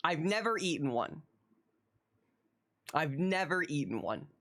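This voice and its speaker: A live streamer from the United States chatting with viewers from a home setup. They ramble, stammer and repeat phrases, and get animated and laugh when teasing chat. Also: medium pitch, measured pace.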